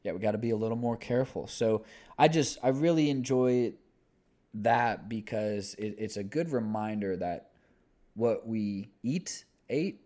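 A man's voice: fairly low pitch, measured pace, warm tone. A man in his twenties co-hosting a podcast, talking casually in a rambling, laid-back way with lots of fillers. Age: 20s. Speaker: podcast co-host.

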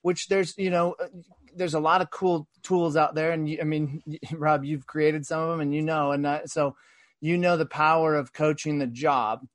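A man in a business podcast conversation, telling a workplace story in an earnest, animated way with frequent restarts. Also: on the high side, normal speed, dry recording. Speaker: sales executive guest.

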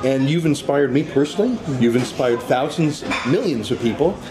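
A man's voice: medium pitch, lively intonation, normal speed, crowd noise. A man interviewing a guest, speaking earnestly and sincerely, urging him to take care.

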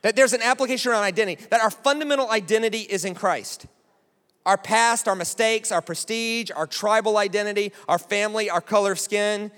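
An American man preaching a sermon in a chatty, animated way, often checking in with the crowd. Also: high-pitched, brisk, smooth. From United States. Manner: conversational, animated, keeps asking "right?". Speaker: pastor. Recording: long hall reverb.

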